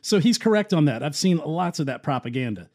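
A man's voice: fairly high pitch, expressive, a little fast, darkish tone. A man hosting an opinionated political commentary, talking casually with a sarcastic, scoffing manner. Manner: sarcastic, scoffing, conversational with fillers. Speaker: commentary show host.

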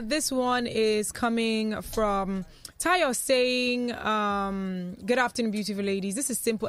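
A woman hosting a radio talk show in a studio, reading listeners' comments aloud in a chatty way and laughing easily. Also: medium pitch.

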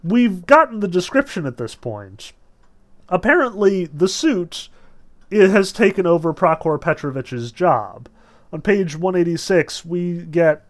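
Male lecturer, casual and chatty, slightly higher pitch, walks listeners through a novel. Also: very animated, unhurried. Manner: chatty, lots of "like" and "you know", amused asides. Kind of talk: casual book discussion with read-aloud passages.

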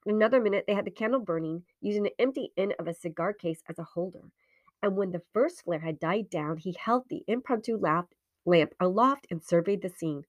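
A woman reading a ghost story aloud in a dramatic way, dropping into whispers and slowing down for suspense. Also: medium pitch, dry recording. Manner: hushed, drops into whispers, slows for suspense.

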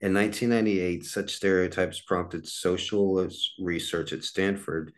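Forties guy doing a solo podcast, real low voice, rambly, lots of uhs and restarts. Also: steady tone, unhurried. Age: 40s. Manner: rambling, with many fillers and restarts. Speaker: podcast host. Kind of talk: casual solo podcast monologue.

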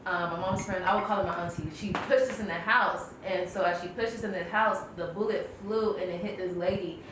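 A woman guest speaks in a soft, low-key manner in casual chat. Her voice carries a noticeable room echo, with clear background noise behind it. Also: fairly even intonation, fairly quick. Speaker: guest author. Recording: roomy sound with background noise.

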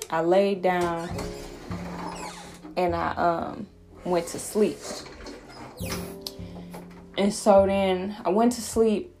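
Earnest low-voiced woman sharing testimony. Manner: earnest, rambling, frequent restarts. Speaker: faith vlogger sharing a personal testimony. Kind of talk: casual devotional talk.

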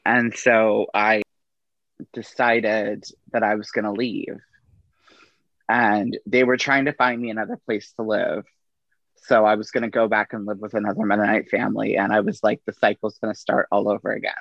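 Middle-aged man, gravelly, easygoing storyteller, dull dry recording. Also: fairly low pitch, normal speed, dry recording. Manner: relaxed anecdotal delivery with quoted dialogue. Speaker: podcast guest, army veteran. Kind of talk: casual storytelling.

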